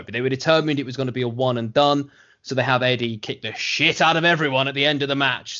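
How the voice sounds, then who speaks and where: A man co-hosting a casual podcast review, talking in a measured, musing way with hedges. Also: mid-range voice, fairly bright tone, dull audio. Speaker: podcast co-host.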